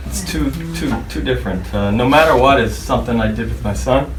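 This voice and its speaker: A man's voice: medium pitch, brisk, few pauses. Man telling stories in a wedding toast. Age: middle-aged. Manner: storytelling with baseball references, animated impressions. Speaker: father giving a wedding speech. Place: wedding reception room. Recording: roomy distant mic, noisy reception hall.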